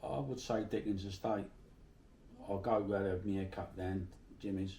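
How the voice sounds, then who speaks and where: A man's voice: fairly low pitch, steady tone, normal speed, warm tone, reverberant, far from the mic, a little hiss or hum. A middle-aged man from Bermondsey with a South London accent, telling salty stories in a casual interview. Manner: chatty, salty, swears freely while telling anecdotes.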